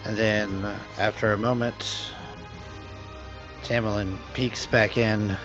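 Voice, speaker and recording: A man's voice: lowish voice, flat delivery, slow pace, over music. A man narrating as game master for a tabletop game, rambling, with many fillers and restarts. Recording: dull lo-fi audio.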